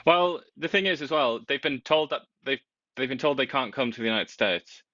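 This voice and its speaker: A man giving casual political commentary, animated and sarcastic, often laughing as he talks. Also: medium pitch, moderate pace, a little hiss or hum. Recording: dull lo-fi sound.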